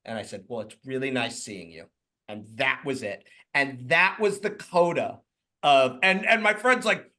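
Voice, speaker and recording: A man's voice: mid-range voice, moderate pace. A man in his fifties, a podcast guest, telling personal stories in casual chat, acting out the quoted lines and swearing freely. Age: 50s. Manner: animated, acts out quoted dialogue, swears freely. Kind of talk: casual storytelling.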